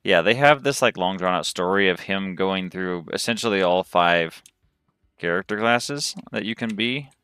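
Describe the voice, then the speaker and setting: A man's voice: deep voice, moderate pace, sharp tone, clean tone, no room sound, clean studio sound. A man from the southern United States giving chatty, rambling commentary as he plays a game on a livestream. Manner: chatty, rambling, thinks aloud while playing. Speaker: game streamer.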